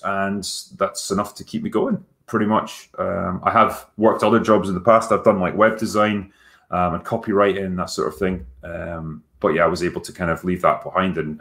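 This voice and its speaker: Deep-voiced and at ease, a Scottish man who hosts a YouTube film channel runs a casual livestream Q&A as a critic. His talk wanders, with plenty of ums and offhand swearing.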